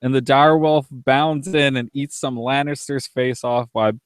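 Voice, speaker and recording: A young man co-hosts a loose, live podcast, reading listener mail with frequent laughter and the odd curse. His voice sits at a middle pitch, and the recording is dry and close. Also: fairly even intonation, moderate pace, smooth, no room sound. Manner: laughs often, swears casually, reads emails aloud. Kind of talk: casual live podcast chat.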